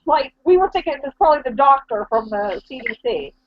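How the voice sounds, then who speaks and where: A woman's voice: high voice, lively intonation, fast. A woman chatting casually and eagerly making confident predictions. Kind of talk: casual chat about a TV show. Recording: dull lo-fi recording.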